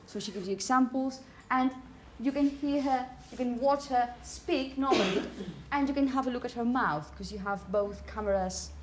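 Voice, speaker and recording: A woman's voice: a little high, normal speed, few pauses, a little hiss or hum. A woman teaching a pronunciation class, calling on students by name and correcting them encouragingly. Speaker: phonetics teacher.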